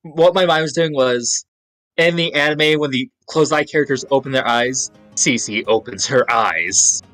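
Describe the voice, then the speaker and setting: A man's voice: medium pitch, a little slow, a bit bright, faint music behind, poor audio. A man playing a tabletop role-playing game, chatting in an amused way about the scene. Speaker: player. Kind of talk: casual tabletop play.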